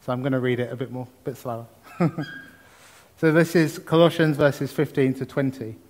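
A man's voice: medium pitch, moderate pace, a little mellow. A man preaching a sermon, reading scripture and talking about it with exuberant emphasis. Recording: long hall reverb.

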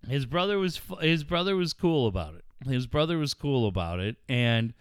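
A man's voice: mid-range voice, very animated, moderate pace, clear, resonant tone, dry recording, studio quality. A middle-aged man hosting a podcast, telling stories in a blunt, profane, heated way. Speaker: podcast host. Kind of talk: casual storytelling chat.

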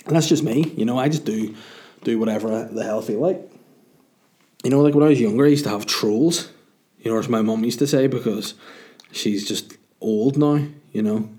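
Speaking at a moderate pace in a mellow, mid-range voice, a young man hosts a podcast and tells a comic story. His humor is sardonic and self-mocking, and he swears freely.

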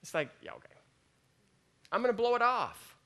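A man's voice: extremely high pitch, big pitch swings, normal speed, bright, forceful tone. A man preaching a chatty sermon, joking and acting out the voices in his head. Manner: folksy, joking, acts out inner voices. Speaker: pastor. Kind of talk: conversational sermon.

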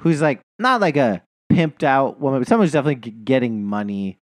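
A man's voice: medium pitch, expressive, fast, no echo, studio quality. A man co-hosting a podcast, telling a long, rambling story in casual chat, swearing and laughing often. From New Jersey. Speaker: podcast co-host.

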